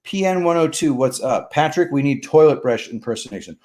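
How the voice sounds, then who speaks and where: A man hosting a live stream, chatting casually, reading viewer comments and plugging sponsors, animated and joking, loud one moment and mumbling the next. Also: fairly high pitch, a little fast.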